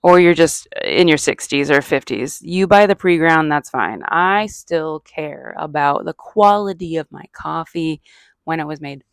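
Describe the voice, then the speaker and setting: Middle-aged woman, low voice, gravelly edge, dry close sound, chatty self-mocking ramble. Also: lively intonation, a little slow, dry recording. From Arizona. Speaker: comedian and podcast host. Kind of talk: casual rambling monologue.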